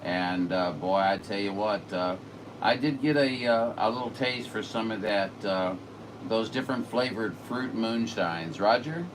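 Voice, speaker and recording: Lowish and a little slow, this man's voice drifts through casual chat as a radio operator, folksy and meandering with lots of fillers. A distant mic captures him in a noisy room.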